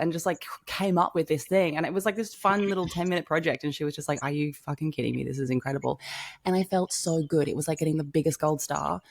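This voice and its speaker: A young woman, chatting as a podcast co-host, effusive and quick to laugh, swearing casually. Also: lowish voice, gravelly, no echo, clean studio sound. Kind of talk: casual chat.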